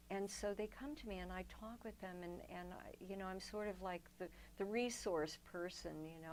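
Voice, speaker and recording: A woman's voice: mid-range voice, a little mellow, a little hiss or hum, low-quality recording. An older woman, a guest in an interview, telling long personal stories in a reflective way, often restarting her sentences. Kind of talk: storytelling in a sit-down interview.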